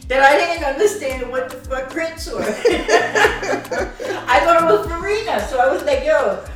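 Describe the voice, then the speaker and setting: A woman co-hosting a casual podcast chat, telling animated stories, laughing often and swearing freely. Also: high voice, measured pace. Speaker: podcast co-host. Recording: echoey distant mic with background music.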